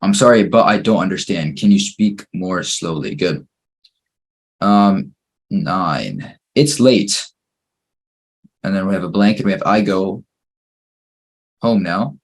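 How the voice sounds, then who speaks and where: A man leads an English grammar class, working through the sentences one by one. His voice sits low and sounds a little husky. He keeps a calm, patient teaching manner. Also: slow pace, pauses often. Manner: patient, steady drilling through exercises, praising each answer. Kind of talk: online grammar lesson.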